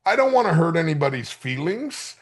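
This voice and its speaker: A podcast host in his fifties chats casually with friends, telling stories animatedly in a profane, joking manner. His voice is on the high side, and he talks briskly.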